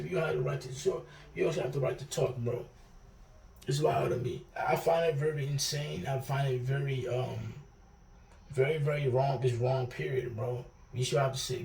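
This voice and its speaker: A man's voice: mid-range voice, darkish tone, a little hiss or hum. A young man talking casually to camera, rambling and repeating himself, with slangy asides. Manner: rambling, repeats words, slangy with frequent "bro". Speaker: vlogger. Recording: echoey room, distant mic.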